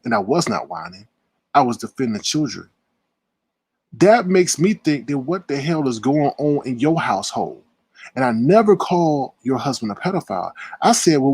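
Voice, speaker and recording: A man in a heated livestream rant, confrontational and indignant, swinging between loud outbursts and low muttering, with a husky voice. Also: no echo. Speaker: live-stream commentator. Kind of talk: heated live-stream rant.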